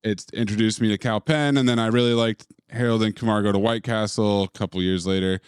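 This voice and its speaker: A man's voice: lowish voice, steady tone, quick pace, clean tone, dry recording, studio quality. A man co-hosting a film podcast, wryly running through favorite scenes and his verdict. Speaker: podcast co-host. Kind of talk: casual film review chat.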